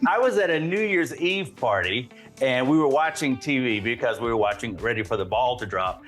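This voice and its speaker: A man's voice: mid-range voice, expressive, moderate pace, a bit bright, faint music behind. A man hosting a streaming roundup show, reading scripted intros and then chatting in an upbeat, storytelling way. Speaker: show host.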